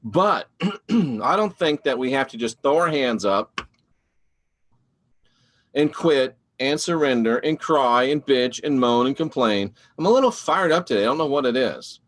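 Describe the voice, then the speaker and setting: A man hosting a live online show, talking in a rambling, animated and preachy way while answering viewer comments. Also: mid-range voice, unhurried, long pauses. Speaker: online show host reading live chat. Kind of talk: casual live-stream talk.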